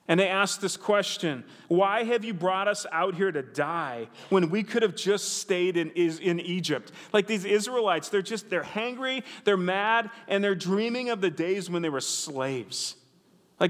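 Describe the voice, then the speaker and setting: A man's voice: high voice, fairly bright tone. A man preaching a sermon in a chatty, conversational way with asides to the congregation. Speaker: pastor. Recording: reverberant hall.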